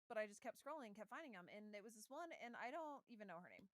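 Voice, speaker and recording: A woman co-hosting a podcast, retelling a story in casual chat, animated and laughing often as she acts out the quoted lines. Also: medium pitch, quick pace, no room sound, low-quality recording. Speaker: podcast co-host.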